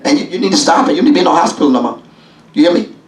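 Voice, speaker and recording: A man's voice: on the high side, lively intonation, rapid-fire. A man preaching at a Bible study as bishop, calling out questions to the congregation and repeating himself. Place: church sanctuary. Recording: echoey church from a distance with congregation. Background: congregation murmuring.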